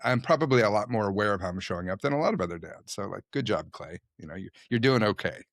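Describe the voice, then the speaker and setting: Reflective, low-voiced male podcast host. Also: expressive, fast talker, no room sound, studio quality. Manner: candid, self-deprecating, thoughtful. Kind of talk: reflective conversational talk.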